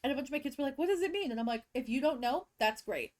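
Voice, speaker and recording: A young woman co-hosting a podcast with a stuffy cold, telling animated stories about her students and acting out their voices. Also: high voice, quick pace. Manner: animated storyteller who acts out kids and teachers. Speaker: podcast co-host, teacher. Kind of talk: casual chat, storytelling.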